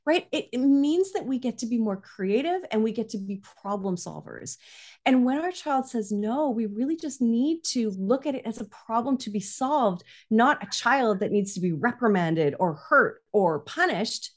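A woman's voice: a little high, lively intonation, normal speed. A woman talking as a parenting coach in conversation. She is earnest and often checks in with "right?". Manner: earnest, frequently adds "right?". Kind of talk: conversational guest explanation.

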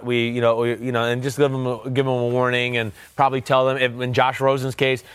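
A man's voice: mid-range voice, little pitch movement, a little fast, few pauses, a bit bright, smooth, no echo. Brief: man in his 40s, interview guest, storyteller voice, dead dry studio sound. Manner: storytelling, acts out quotes from others. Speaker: former NFL quarterback, guest. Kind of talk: casual interview talk.

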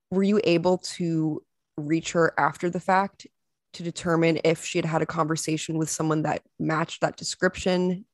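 A woman hosting a true crime podcast, asking measured, probing questions of her guest. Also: deep voice, no room sound. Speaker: podcast host. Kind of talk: interview questions.

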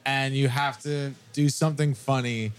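A man's voice: medium pitch, fairly even intonation, normal speed, smooth. A man in his thirties, a drummer, chatting in an easygoing, agreeable way with casual swearing. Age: 30s. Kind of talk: casual chat.

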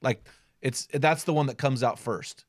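A man hosting an interview, with a middle-pitched voice and a dry, close sound. He reflects on his own experience and often answers with brief agreements. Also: measured pace, dry recording. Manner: reflective, frequent short agreements. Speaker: podcast host. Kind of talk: interview conversation.

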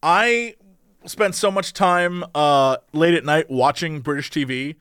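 A man's voice: on the high side, takes it slowly, clean tone, no echo, clean studio sound. A man co-hosting a podcast in casual chat, telling stories with lots of energy and slipping into impressions. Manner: animated storyteller who slips into voices. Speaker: podcast co-host.

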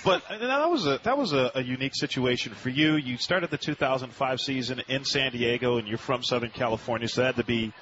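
A man's voice: mid-range voice, lively intonation, fast talker, few pauses. A man hosting a sports radio interview, leading in with long rambling questions full of fillers. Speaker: radio host. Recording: muffled radio audio with noise.

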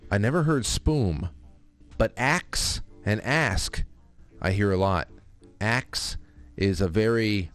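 A man with a Northeastern US accent hosts a casual talk show in a somewhat low voice. He rambles and reads listener comments aloud with offhand asides. Faint music plays underneath. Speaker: podcast host.

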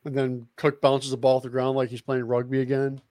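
A man's voice: medium pitch, completely flat delivery, brisk, darkish tone, slight background noise. Joking laid-back man co-host. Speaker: podcast co-host. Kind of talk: casual sports chat.

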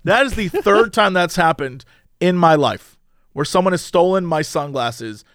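A man telling a story in casual chat, animated and exasperated, swearing now and then. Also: sits high, moderate pace, no echo, studio quality. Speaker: podcast host telling a story.

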